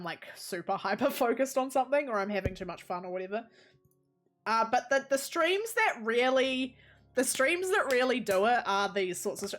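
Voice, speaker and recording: A woman's voice: mid-range voice, fairly bright tone. Chatty New Zealand woman streaming a game. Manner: rambling and chatty, laughs often, talks to chat and her pets. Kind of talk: casual live-stream chatter while playing.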